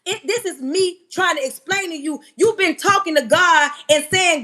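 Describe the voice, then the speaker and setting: High, bright-voiced woman preaching loudly. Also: moderate pace, hardly any pauses. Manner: yelling and emphatic, banging on the table; rhetorical questions to listeners. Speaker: live-stream preacher. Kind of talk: impassioned live-stream preaching.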